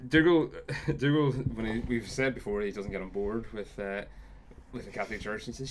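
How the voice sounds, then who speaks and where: A man hosting a podcast in casual chat, lively and argumentative, swearing freely. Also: lowish voice, a little fast, crowd noise. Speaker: podcast host.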